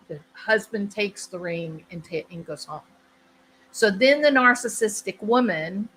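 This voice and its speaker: A woman's voice: mid-range voice, pushed and bright, slight background noise, low-quality recording. A woman hosting her channel, explaining a topic in casual conversation and often checking in with the listener. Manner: conversational, repeats herself, asks "right?". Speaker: channel host.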